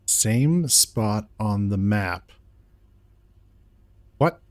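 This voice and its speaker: A man's voice: lowish voice, animated. A man streaming a puzzle game live, chatting casually and reading viewer jokes aloud. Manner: reads chat jokes aloud, slow and musing. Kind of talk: casual live-stream chat while gaming.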